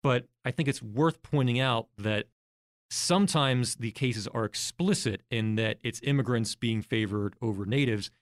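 A man's voice: fairly low pitch, no echo. Man explaining in a dry podcast studio. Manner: explanatory, walks through examples step by step. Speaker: guest researcher. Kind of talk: podcast interview.

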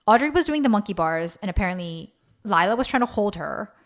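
A woman in her thirties co-hosting a podcast, telling a family story in a casual, animated way. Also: medium pitch, fairly quick. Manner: animated storyteller, acts out quoted voices. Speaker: podcast co-host.

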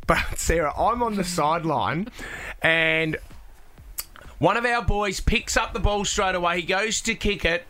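Bright-voiced radio host. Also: male voice, high voice, unhurried, a little hiss or hum. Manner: lively, emphatic, asks "right?" often. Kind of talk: animated storytelling on a radio show.

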